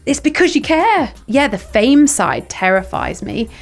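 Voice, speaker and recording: A chatty woman in her thirties with a Midlands accent, on as a podcast guest. She sits a little high in her register and acts out her anecdotes with plenty of animation. Recorded in a studio. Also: very animated, unhurried, faint music behind. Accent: English Midlands. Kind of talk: casual podcast chat.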